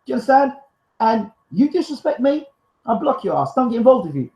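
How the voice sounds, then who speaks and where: A man's voice: very high-pitched, big pitch swings, fairly quick, warm tone, reverberant, low-quality recording. A man hosting a live stream, reading out viewer comments and arguing back in a fiery, defensive, emphatic way. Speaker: live show host.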